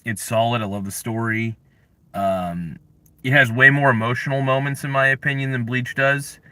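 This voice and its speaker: A young man hosting a casual livestream, ranting in mock anger and chatting with viewers, with sudden loud outbursts. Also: medium pitch, moderate pace, no echo. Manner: animated, mock-angry rants with sudden yelled bursts. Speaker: livestream host.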